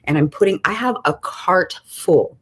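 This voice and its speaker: A middle-aged woman co-hosting a podcast, telling a story in a casual, animated way and often laughing. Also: lowish voice, a little slow, slightly rough. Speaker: podcast co-host.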